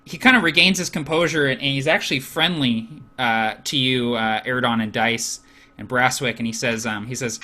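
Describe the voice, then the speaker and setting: Acting as game master for a tabletop game, a man narrates scenes in a laid-back manner, filling his speech with plenty of fillers. His voice sits in the middle range and moves at a moderate pace.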